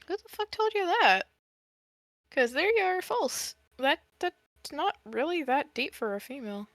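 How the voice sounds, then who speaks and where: A woman's voice: high-pitched, expressive, unhurried, fairly bright tone, dry recording, rough recording. A woman in casual chat on a stream, blunt, swearing, and laughing often.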